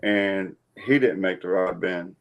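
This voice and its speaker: Guest: man, lowish voice, folksy plain talker. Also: a little slow, creaky. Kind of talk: casual storytelling chat.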